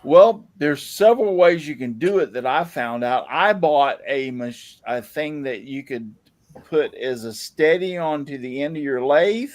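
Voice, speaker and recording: A man's voice: on the high side, expressive, a little slow. A man hosting a casual panel chat, rambling and enthusiastic as he reacts to viewers' woodwork. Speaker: show host. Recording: live online panel show.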